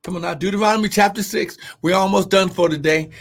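A man preaching a livestreamed sermon, reading scripture and breaking into fervent shouts, exclamations and call-and-response questions. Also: high voice, fast talker. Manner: reads scripture aloud and breaks off to exhort listeners.

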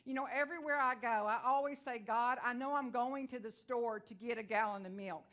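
A middle-aged woman with a Texan accent preaching a sermon in a folksy, animated way, with frequent amens and asides. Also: a little high, a little fast.

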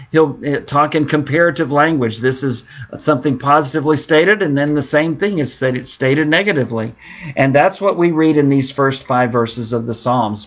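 A middle-aged man teaching a devotional Bible lesson as a pastor, earnest and enthusiastic, often repeating words for emphasis. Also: a little high.

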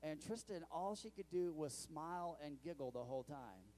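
Mellow-voiced young male pastor preaching. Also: fairly high pitch, animated, normal speed, slight background noise. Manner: storytelling and conversational, with many restarts. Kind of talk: sermon. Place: church sanctuary.

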